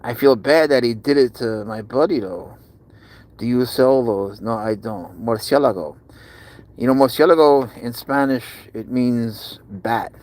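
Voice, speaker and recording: A man streaming live from inside a car, doting on his pet cat and often slipping into high baby talk. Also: a little slow, darkish tone. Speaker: pet owner vlogger. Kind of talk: casual live-stream chat.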